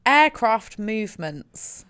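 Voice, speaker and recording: A woman's voice: on the high side, sing-song, slow pace, a bit bright, clear, resonant tone. Brief: West Country woman, casual podcast co-host, giggly, swears freely, reads facts aloud. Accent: West Country English. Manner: laughing, swearing, reading out facts. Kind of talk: casual chat.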